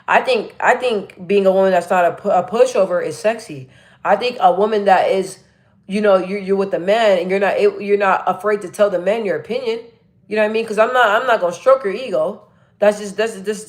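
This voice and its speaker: Blunt, chatty woman live-streaming. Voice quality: naturally deep voice, pitched up a bit. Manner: chatty, blunt and energetic, full of fillers and restarts. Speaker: live streamer reading chat comments. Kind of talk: casual live-stream chat.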